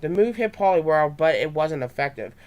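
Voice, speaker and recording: Young man, slightly high voice, amateur story reading, small stumbles. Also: expressive, fairly quick, darkish tone. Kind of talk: reading his own fan story aloud.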